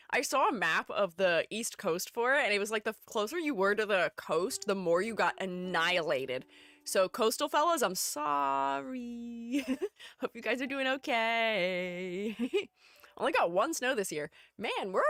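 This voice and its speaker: Young woman, casual live-stream host; animated, chatty, laughs a lot. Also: on the high side. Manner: chatty, reads chat aloud, laughs often. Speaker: streamer and art educator.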